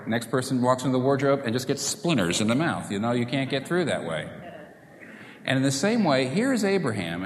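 A man preaching a sermon as a pastor, in an animated, conversational way. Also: mid-range voice, a little hiss or hum. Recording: echoey hall with long reverb.

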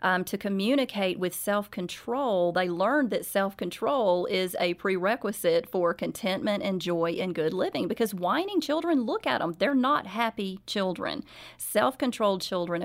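Sincere mother sharing parenting stories. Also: medium pitch. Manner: warm, sincere, faith-based parenting advice. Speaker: parenting author and guest. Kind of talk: earnest interview storytelling.

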